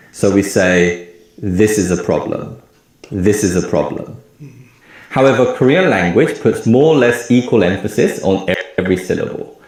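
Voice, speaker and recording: Guy teaching a lesson, lowish gravelly voice, lots of pitch movement, really echoey room. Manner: lively, clear explanatory delivery with example words repeated slowly. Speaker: language teacher. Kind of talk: recorded lecture.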